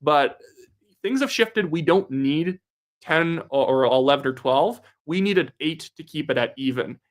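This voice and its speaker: Young canadian guy doing live commentary, bit of a high voice, chatty, reads chat comments. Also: expressive, measured pace. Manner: reads viewer comments aloud, chatty and upbeat. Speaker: livestream host.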